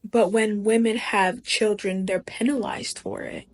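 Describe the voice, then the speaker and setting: A woman's voice: mid-range voice, steady tone, measured pace. A woman giving an opinion monologue, speaking in an emphatic, indignant way.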